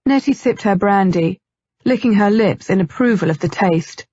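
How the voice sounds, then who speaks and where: A woman narrating an audiobook in a measured, even storytelling manner. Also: medium pitch, slightly rough, no echo, dull audio. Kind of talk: scripted narration.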